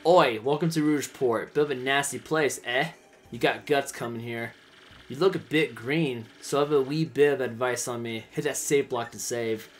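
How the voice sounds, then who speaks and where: A man voicing a gruff, streetwise male walking-bomb sailor in a game, blunt and folksy. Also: medium pitch, normal speed, faint music behind, lightly acted.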